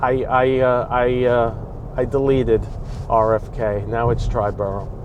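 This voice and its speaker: An aggravated man with a thick New York accent rants into a dash-mounted camera from the driver's seat. His voice sits at an ordinary middle pitch, and a faint hum of road and street noise runs under it inside the car. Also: little pitch movement, measured pace, highs cut off. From New York, Bronx. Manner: aggravated, ranting, talks back at traffic. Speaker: vlogger. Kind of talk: ranting vlog while driving. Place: inside a car on city roads. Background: traffic and street noise.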